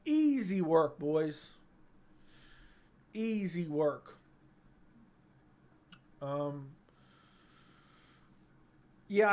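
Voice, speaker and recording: A young man hosting a casual livestream on a studio mic, reading chat comments aloud and joking in a laid-back way. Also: on the high side. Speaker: livestream host. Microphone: studio dynamic mic.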